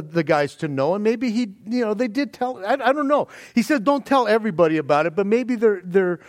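High-voiced man preaching a lively sermon. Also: no echo, studio quality. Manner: animated, stumbling restarts, laughs often. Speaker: pastor.

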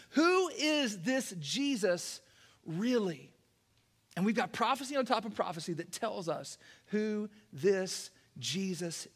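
A man preaching a sermon to his church in a folksy, energetic way. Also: very high-pitched. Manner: folksy, energetic preaching, acts out quoted lines. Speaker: pastor. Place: church sanctuary.

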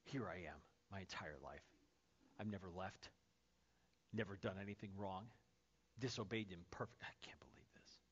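A man's voice: deep voice, normal speed, long pauses, breathy edge, pitched below the performer's own voice. A man voicing a resentful older brother, muttering and half-whispering his complaints. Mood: sulking. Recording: dull lo-fi sermon recording.

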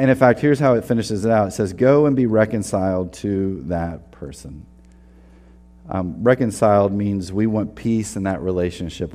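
A man's voice: lowish voice, mellow, long reverb tail. A man preaching a sermon in a casual, earnest way, often restarting his sentences and acting out quotes. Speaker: pastor. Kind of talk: conversational sermon.

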